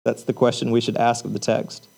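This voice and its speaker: A man's voice: medium pitch, little pitch movement, fairly quick, gravelly, a little mellow. A man preaching a sermon in a conversational way, asking rhetorical questions and using casual fillers. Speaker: pastor.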